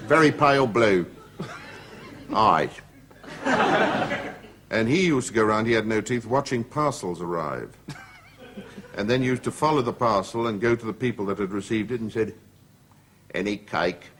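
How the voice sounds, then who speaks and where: A man's voice: on the low side, expressive, normal speed, pauses often, background noise. A middle-aged man, a talk show guest, telling comic anecdotes with the timing of a witty raconteur in a television studio. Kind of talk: anecdotal storytelling.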